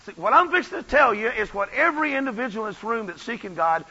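A man preaching a revival sermon, swinging from soft asides to shouted runs. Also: high voice, lively intonation, quick pace, hardly any pauses, husky, dull audio. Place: church.

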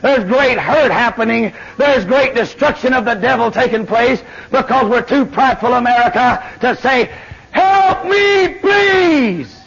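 A man preaching a fiery sermon, swinging between shouted lines and low murmurs. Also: moderate pace, vocal fry, few pauses, husky. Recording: dull lo-fi sermon recording.

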